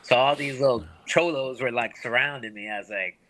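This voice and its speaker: A man co-hosting a podcast, telling a rowdy story in casual chat and acting out the quotes, sometimes dropping to a hushed voice. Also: medium pitch, fairly quick. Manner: animated storyteller, acts out quotes, drops to hushed voice. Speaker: podcast co-host.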